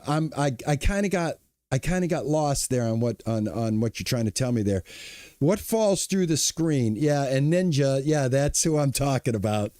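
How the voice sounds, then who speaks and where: A man's voice: a little high, a little mellow, dry recording, studio quality. A middle-aged man streaming a game, chatting casually and greeting viewers by name, often restarting his words. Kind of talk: casual live-stream chat.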